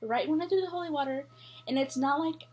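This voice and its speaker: A woman's voice: high-pitched, fast, highs cut off. A young woman telling a scary story in a casual, rambling way, full of fillers and swearing.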